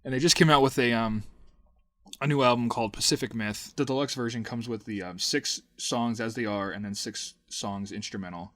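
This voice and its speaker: A man's voice: mid-range voice, steady tone, fairly quick, fairly bright tone, no echo. A young man co-hosting a podcast, easygoing and chatty, often trailing off with fillers and laughing. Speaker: podcast co-host. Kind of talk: casual chat.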